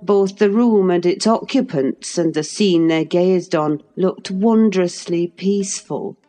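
Woman reading an old novel out loud, low voice, slow, lots of lilt. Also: soft background music. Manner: measured, expressive storytelling. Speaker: audiobook narrator. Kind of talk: classic novel read aloud.

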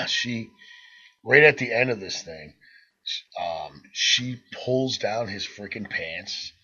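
A man's voice: on the low side, animated, slow pace, sharp tone, breathy edge, lo-fi sound. A man casually telling a crude party story on a podcast, swearing and laughing as he goes. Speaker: podcast co-host.

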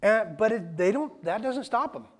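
A man giving a conversational sermon as a pastor, plain-spoken and animated, with casual asides. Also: high-pitched, moderate pace.

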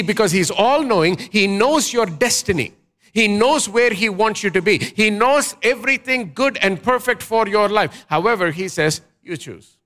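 Bright, high-voiced preaching man. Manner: emphatic preaching with rhetorical questions and call-and-response. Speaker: pastor. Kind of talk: sermon.

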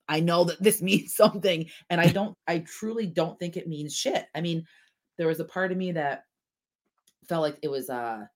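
A woman co-hosting a casual podcast chat, telling stories with lively acted-out quotes and frequent laughter. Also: sits low. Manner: animated storytelling, acts out quotes, laughs often. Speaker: podcast co-host.

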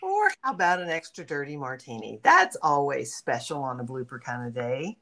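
A woman's voice: extremely low pitch, sing-song, normal speed, pushed and bright. A woman co-hosting a podcast in casual chat, playful and giggly. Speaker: podcast co-host.

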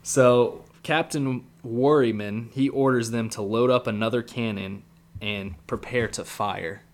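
A man with a lowish voice talks through an anime episode with his co-host. His tone is casual and blunt, and he cracks jokes about the characters as he goes, sometimes doing their lines in quick asides. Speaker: podcast co-host. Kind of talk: casual anime recap chat.

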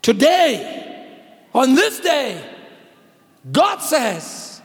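A man preaching a sermon, swinging between shouted, sung phrases and hushed speech. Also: very high voice, wildly swooping pitch, drawn-out words. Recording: long hall reverb.

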